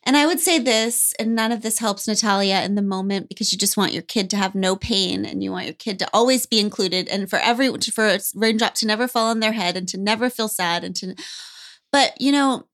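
Earnest woman thinking out loud. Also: medium pitch, a little fast. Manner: thoughtful, earnest, many "like"s. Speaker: podcast co-host. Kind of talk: casual chat.

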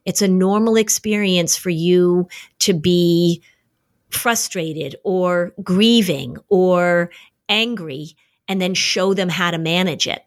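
Middle-aged woman, anxiety expert guest, warm conversational explainer, animated storyteller. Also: lowish voice, slow pace. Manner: animated storyteller, acts out voices in anecdotes. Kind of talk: casual podcast conversation.

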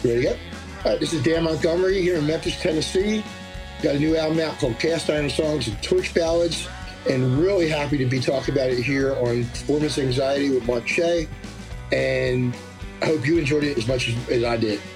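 A man's voice: on the high side, brisk, over music, rough recording. A man with a New Jersey accent, a musician guest on a remote call. He rambles in casual chat, pokes fun at himself and laughs often.

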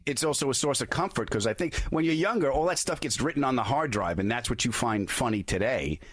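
A man, an intense, rapid-fire podcast host in casual chat. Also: mid-range voice, lively intonation, a bit bright, no room sound. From New York.

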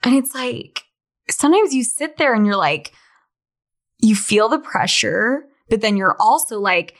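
A woman's voice: a little high, expressive, unhurried. A woman in her twenties from Utah hosting a podcast in a candid, chatty monologue, swearing freely and saying "like" often. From Salt Lake City, Utah, USA. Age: 20s. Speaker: podcast host. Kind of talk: casual monologue.

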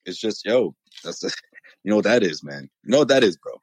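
A man co-hosting a podcast in casual sports chat, animated and joking, dropping curse words. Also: fairly low pitch, fairly quick, breathy edge, dry recording. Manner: animated, jokes and slips into mock voices, swears. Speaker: podcast co-host.

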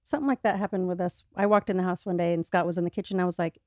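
A woman chatting as a podcast guest with an animated, chatty manner. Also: on the low side, rapid-fire, no echo, clean studio sound. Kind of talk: casual chat.

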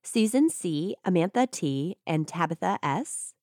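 A woman co-hosting a true crime podcast in a studio, breezy and playful in chat and brisk through the show announcements. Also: on the low side, animated, dark tone, no echo. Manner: breezy and playful, quick through housekeeping reads.

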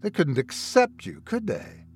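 Narrator plays a sinister male doctor: slow, quiet, mocking, pitch that leaps around. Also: huge pitch swings, slightly rough, faint music behind, heavily acted. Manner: taunting, slow and hushed.

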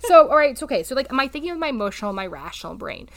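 A woman's voice: sits high, very animated, racing, a bit bright. Frank, casual woman podcast co-host. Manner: frank and casual, gives practical tips with personal examples. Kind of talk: casual advice chat.

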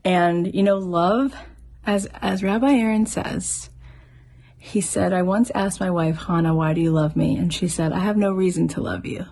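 A woman's voice: fairly low pitch, fairly even intonation, normal speed, dark tone. A middle-aged woman hosting a podcast, telling a heartfelt story in an earnest, motivational way. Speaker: podcast host.

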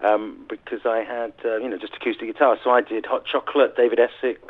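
A man's voice: medium pitch, steady tone, quick pace. A middle-aged man from Sussex, a musician guest telling chatty, self-mocking stories in an interview over the phone. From Sussex, England. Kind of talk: interview anecdotes. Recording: tinny phone line.

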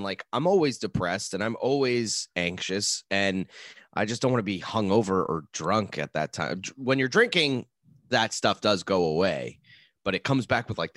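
A man in casual chat, talking in a halting, soft-spoken way. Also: lowish voice, dry recording, studio quality.

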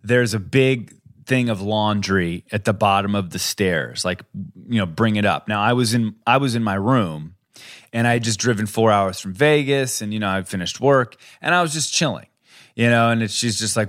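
A male podcast co-host in loose, casual chat. He talks bluntly and swears freely, chiming in fast with agreement. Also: on the low side, a bit bright. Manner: blunt and profane, quick to agree.

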